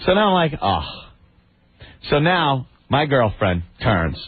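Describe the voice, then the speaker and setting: Animated man telling a story on talk radio. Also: medium pitch, moderate pace, breathy edge, dry recording. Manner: animated, acts out the people in his stories. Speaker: radio show co-host. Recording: tinny phone-like radio audio.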